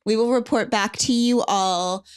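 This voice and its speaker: A woman's voice: fairly high pitch, fairly even intonation, unhurried, smooth. A woman hosting a podcast in a friendly, plain-spoken way, speaking straight to her listeners. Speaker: podcast host.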